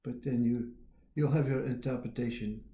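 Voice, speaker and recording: A man giving a reflective spiritual talk, musing in an unhurried way, trailing off and restarting, with quiet chuckles. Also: medium pitch, steady tone, reverberant, dull audio. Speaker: spiritual teacher.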